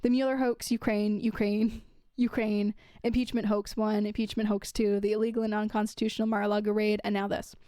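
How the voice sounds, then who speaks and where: Fast-talking young woman reading news. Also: medium pitch, flat delivery, mellow, dry recording. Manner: chatty, reads quotes then adds asides with fillers. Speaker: commentator. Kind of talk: casual commentary reading news aloud.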